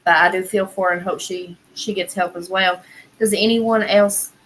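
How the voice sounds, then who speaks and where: A woman's voice: mid-range voice, steady tone, normal speed, a bit bright, rough recording. A woman with a Southern American accent hosting a casual livestream, chatting in a rambling way and answering viewers' comments. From Southern United States. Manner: rambling, chatty, heavy use of "like" and "y'all".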